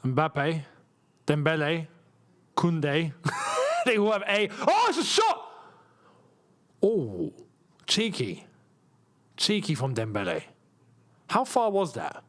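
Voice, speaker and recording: A young man hosting a live football watchalong, calling out player names in quick bursts and reacting loudly to the action. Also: fairly high pitch. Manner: excitable, rapid-fire name calling, bursts of laughter. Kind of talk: live match commentary and chat.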